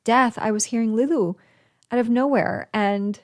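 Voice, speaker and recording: A middle-aged woman hosting a podcast, telling a personal story in a heartfelt, halting way, close to tears. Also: on the high side. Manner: emotional, on the verge of tears; heartfelt with many restarts and fillers. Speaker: podcast host.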